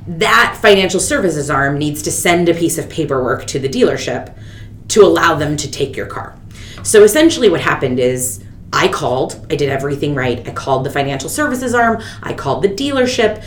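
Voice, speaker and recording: A woman in her thirties hosting a podcast, telling a story in casual chat and acting out the people she quotes. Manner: animated, quotes people with big pitch jumps. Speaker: podcast host. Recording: echoey room with faint rumble.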